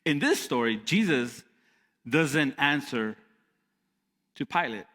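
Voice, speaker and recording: A man preaching a sermon as pastor, animated and repeating lines for emphasis. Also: a little high, slow pace, long reverb tail. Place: church hall.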